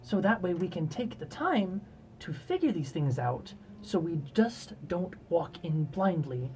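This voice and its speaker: Dry-toned woman player, lively voice. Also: fairly low pitch, unhurried, a little hiss or hum, poor audio. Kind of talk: casual chat.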